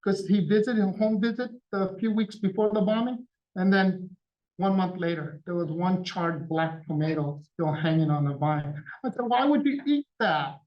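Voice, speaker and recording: A man's voice: sits high, steady tone, moderate pace, distant mic. Man telling a story, a bit off mic. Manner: conversational storytelling, acting out quoted dialogue with his father. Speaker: guest speaker. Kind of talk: public talk to an audience. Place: event hall. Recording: dull sound, speaker somewhat off mic.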